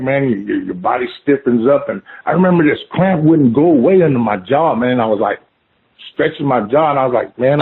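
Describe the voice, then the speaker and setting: A man casually telling a scary story of his own, animated and swearing, saying "man" at every turn. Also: medium pitch. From Oklahoma. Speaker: guest telling an encounter story. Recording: phone-line call audio.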